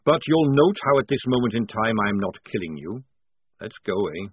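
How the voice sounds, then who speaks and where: A man playing a crafty old male sergeant, sly and conspiratorial, lively pitch, husky, tinny phone-like sound. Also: moderate pace, no room sound. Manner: sly, conspiratorial, folksy soldier talk. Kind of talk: audiobook character voice.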